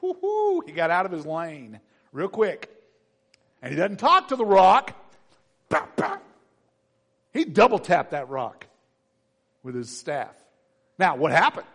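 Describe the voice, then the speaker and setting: A male pastor preaching a sermon in an animated way, acting out quoted voices. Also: fairly high pitch, measured pace, pauses often.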